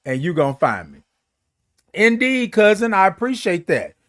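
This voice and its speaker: A playful, flamboyant man hosts a morning livestream, his voice sitting high for a man. He chats loosely with viewers and drags his greetings out long. The sound is close and dry, with no room echo. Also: big pitch swings, moderate pace. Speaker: host of a morning livestream show. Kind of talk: casual livestream chat reading viewer comments.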